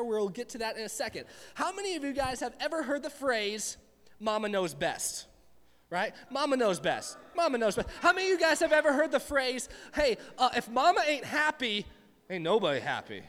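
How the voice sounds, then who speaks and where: A man preaching a casual youth sermon to a live audience in a church hall, chatty and joking with rambling asides. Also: extremely high pitch. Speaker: youth pastor. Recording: long hall reverb.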